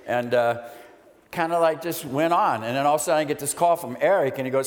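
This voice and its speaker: Excited man testifying in a church hall. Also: medium pitch, quick pace. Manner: excited, emotional, animated storytelling. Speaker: recovery pastor, guest speaker. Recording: echoey hall with long reverb.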